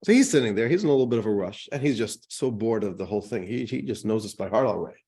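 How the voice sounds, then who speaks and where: Lively storytelling rabbi. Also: male voice, fairly low pitch, fast. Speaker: rabbi teaching a course. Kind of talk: class lecture with joke telling.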